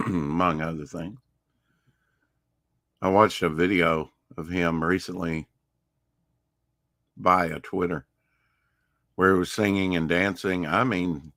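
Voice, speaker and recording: A man with a very deep, unhurried voice chats through a relaxed morning stream, now and then slipping into a low croon. The sound is dry and close, with no room around it. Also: no echo. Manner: laid-back, croons and hums between remarks. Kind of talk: casual morning stream chat.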